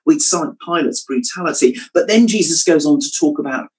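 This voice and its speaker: A man preaching a sermon, thoughtful and measured, dropping his voice quietly when quoting scripture. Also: fairly high pitch, poor audio. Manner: reflective, drops to a hush on quoted scripture.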